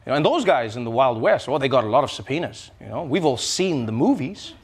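A man's voice: big pitch swings, fast. A man hosting a late-night comedy show, delivering a sarcastic monologue with punchy jokes. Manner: sarcastic, punchy jokes with big pitch swings.

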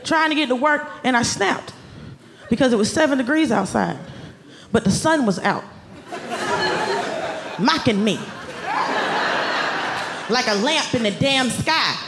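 A high-voiced woman from Atlanta performs stand-up, ranting with exasperated, animated outbursts. Roaring laughter from a packed crowd fills the live club recording, with constant noise under her voice. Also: unhurried, long pauses. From Atlanta, US South. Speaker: stand-up comedian. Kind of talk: stand-up comedy set.

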